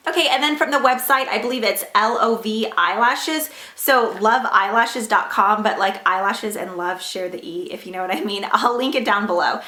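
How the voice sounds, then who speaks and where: A woman's voice: mid-range voice, bright, forceful tone, roomy sound. A young woman chatting casually through a beauty haul, rambling with lots of "like" and "um". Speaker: beauty vlogger.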